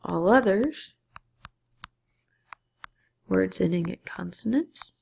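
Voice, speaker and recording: Gravelly-voiced woman teaching Spanish grammar. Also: medium pitch, slow, darkish tone, slight background noise. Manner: patient, explains step by step, drops to a whisper on key syllables. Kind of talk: classroom grammar lesson.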